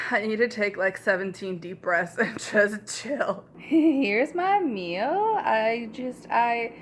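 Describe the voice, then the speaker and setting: Young woman vlogger, chatty and rambling, mid-pitched voice, quick laughs, camera mic in a home kitchen. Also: fairly even intonation, a bit bright, slight background noise. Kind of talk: casual chat.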